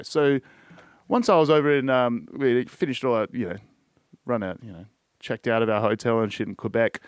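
A man's voice: medium pitch, no echo, clean studio sound. An Australian man hosting a podcast, talking casually and rambling, swearing constantly and trailing off with shrugging asides. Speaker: podcast host. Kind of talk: casual solo podcast monologue.

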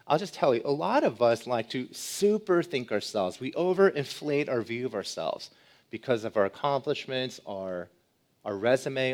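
A male pastor delivers a sermon at a middle pitch, neither high nor low. He is emphatic, drives his points home by repeating key words, and keeps asking his listeners direct questions. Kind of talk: expository sermon.

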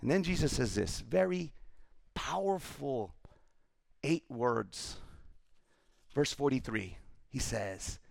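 Male pastor, animated sermon storyteller, gravelly voice, dry close sound. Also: medium pitch, takes it slowly, pauses often, dry recording. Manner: animated storytelling, acts out scripture.

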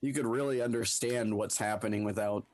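A man's voice: fairly low pitch, fairly even intonation, a little fast, darkish tone. A man co-hosting a casual podcast, joking bluntly and swearing freely. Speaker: podcast co-host. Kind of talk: casual chat.

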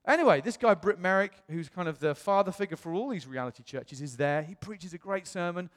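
British pastor in a reverberant hall. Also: male voice, sits high, fairly quick. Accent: British English. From England. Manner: animated, acts out quoted voices. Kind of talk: storytelling sermon.

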